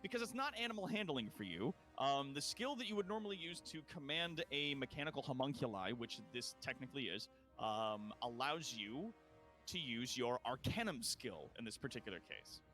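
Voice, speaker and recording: A man's voice: medium pitch, sing-song, normal speed, pushed and bright, soft background music. A man running a tabletop game as game master, narrating in a loose, chatty way full of fillers.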